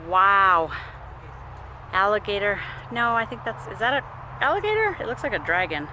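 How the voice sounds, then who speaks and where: A woman's voice: medium pitch, very animated, normal speed, noisy background. A young woman vlogging a family walk on an outdoor trail, chatty and laughing, a bit out of breath. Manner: chatty, laughing often, cooing at her toddler. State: out of breath from walking. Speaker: vlogger mom. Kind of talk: casual family vlog narration.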